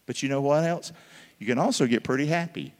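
Guy preaching, big echoey church, gets loud then drops way down, keeps asking the crowd to say it back. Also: mid-range voice, animated, a little fast. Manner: calls for congregation responses, swings between loud and hushed. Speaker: pastor. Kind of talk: sermon. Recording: long hall reverb.

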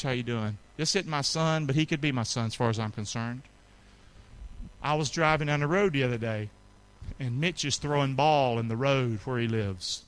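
A middle-aged male pastor preaching a sermon to his congregation, calling for responses and swinging between loud peaks and soft asides. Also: medium pitch, clear, resonant tone. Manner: call-and-response preaching, rising to shouts then dropping soft. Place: church sanctuary with congregation.

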